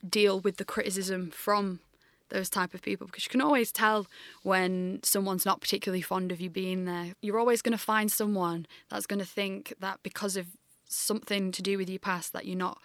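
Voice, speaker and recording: Woman speaking in a flat, even tone. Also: medium pitch, no room sound. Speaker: guest. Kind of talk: candid personal talk.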